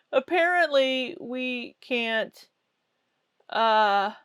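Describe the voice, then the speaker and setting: A woman's voice: high voice, lively intonation, extremely slow, fairly bright tone, clean tone, no echo. A woman hosting a reaction commentary with a sarcastic, mocking way of talking. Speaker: commentary host.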